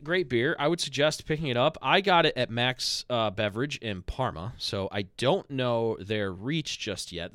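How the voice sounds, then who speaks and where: Low-voiced man hosting a podcast. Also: no echo, clean studio sound. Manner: relaxed, rambling, with fillers and self-corrections. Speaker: podcast host. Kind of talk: casual podcast chat.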